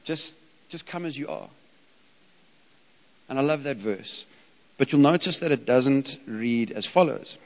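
A man in his thirties delivers a sermon in a relaxed, chatty manner rather than a formal pulpit tone. He speaks at a middling pitch, often stumbling over his words and restarting sentences. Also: a little slow, long pauses, poor audio. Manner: informal, frequent "like", restarts. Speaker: preacher. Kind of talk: conversational sermon.

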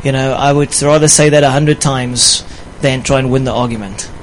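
A man's voice: medium pitch, fairly even intonation, moderate pace, a little hiss or hum, poor audio. A man preaching about marriage in a light, playful way, often laughing with his audience. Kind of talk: sermon on marriage.

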